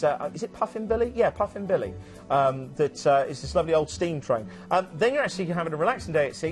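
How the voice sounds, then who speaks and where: Man, cruise TV presenter, a bit high-voiced, chatty with lots of ums, music faintly behind. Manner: chatty, many ums and restarts. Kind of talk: enthusiastic travel sales chat.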